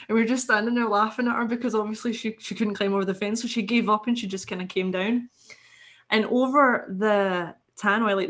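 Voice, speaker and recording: Woman, Scottish accent, casual storytelling, animated, swears freely, average pitch. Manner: animated, swears freely, acts out quoted people. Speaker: podcast guest.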